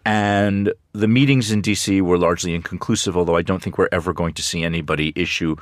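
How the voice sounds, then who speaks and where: A very low-pitched man speaks as a news commentator on radio, weighing his points with a dry wit and scattered ums. The studio sound is close and dead, with no room around him. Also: fairly even intonation, fast, no room sound. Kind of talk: radio current-affairs discussion.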